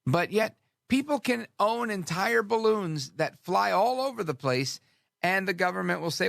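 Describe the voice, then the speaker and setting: A talk radio host delivers a sarcastic, animated, rambling monologue that keeps drifting into asides. His high-pitched, gravelly voice moves at normal speed, and the recording is dry and studio quality.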